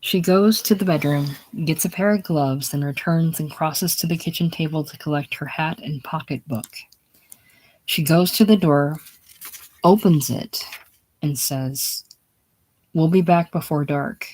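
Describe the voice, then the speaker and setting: Casual play reading, stage directions, unhurried, mid-pitched voice. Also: darkish tone. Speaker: reader.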